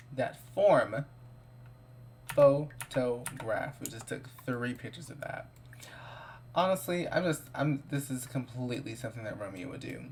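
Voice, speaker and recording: A man's voice: mid-range voice, slight background noise. A man giving casual, playful let's-play commentary, gossiping about his characters and improvising their lines. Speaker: gameplay commentator.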